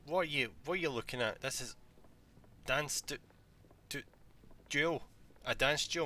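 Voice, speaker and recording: Male streamer chatting over a game, jokey, swears a bit, bright voice. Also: mid-range voice, measured pace, pauses often. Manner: joking, chatty, swears casually. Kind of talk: live game commentary.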